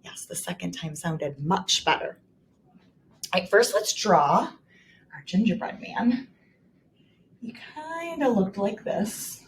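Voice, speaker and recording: A woman teacher modeling writing for young children, slowly and clearly sounding out each word and leading the class to repeat. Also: mid-range voice, animated, slight background noise. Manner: slow, exaggerated sounding out of words.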